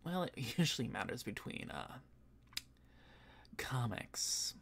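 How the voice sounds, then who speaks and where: A man who voice acts, chatting casually on a stream, rambling with fillers and soft laughs, a bit tired and yawning. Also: medium pitch, sing-song, slow, creaky, breathy edge, in a whisper. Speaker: voice actor and streamer.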